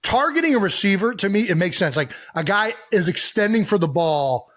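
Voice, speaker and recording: A man's voice: sits high, lively intonation, brisk, a bit bright. A man co-hosting a casual sports podcast as a football player, easygoing and opinionated, laughing often.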